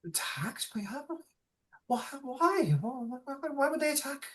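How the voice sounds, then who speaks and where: A game master voicing an older female elf druid who is bewildered and anxious, talking in halting, stammering restarts. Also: mid-range voice, lively intonation, darkish tone, lightly acted. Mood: worried. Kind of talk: tabletop role-play.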